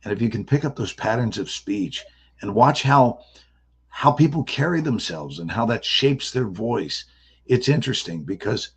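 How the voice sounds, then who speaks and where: Gravelly, husky man telling stories. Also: lowish voice, normal speed. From American South. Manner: playful, animated, slips into character voices. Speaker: actor guest. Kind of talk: casual interview storytelling.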